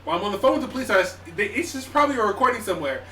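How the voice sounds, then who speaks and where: Animated young man telling a story, echoey. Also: high voice, racing. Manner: animated, swearing, acts out his own panic. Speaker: podcast co-host. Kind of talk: casual storytelling among friends. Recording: echoey room, distant mic, faint noise.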